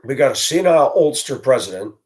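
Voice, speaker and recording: Guy ranting solo on his vlog, blunt and fed up, regular pitch. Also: big pitch swings, brisk, darkish tone. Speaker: vlogger. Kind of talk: solo opinion monologue.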